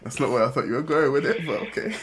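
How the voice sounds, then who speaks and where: Wry male host over loud noise. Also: mid-range voice, quick pace. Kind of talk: casual chat.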